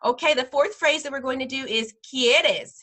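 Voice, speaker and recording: A woman teaching a parents' class over a video call, pitched a little high with a bright, clear edge. She talks patiently and models each sound slowly, repeating words so her students can follow. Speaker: preschool director teaching a parent Spanish class. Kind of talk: online class instruction.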